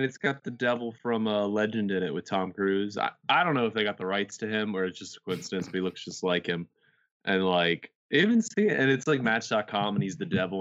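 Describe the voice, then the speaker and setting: A man in casual chat among friends, retelling commercials with lively acted-out quotes. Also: deep voice, muffled recording. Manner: animated storytelling, acts out quotes.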